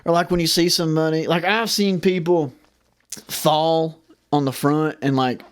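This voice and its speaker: A woman guest in casual podcast chat, telling animated, profane stories and laughing often. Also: sits low, normal speed.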